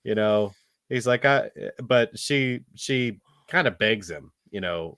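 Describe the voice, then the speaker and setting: A man's voice: on the low side, unhurried, fairly bright tone, no room sound, clean studio sound. A man co-hosting a casual film review podcast, rambling with lots of fillers and restarts. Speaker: podcast co-host.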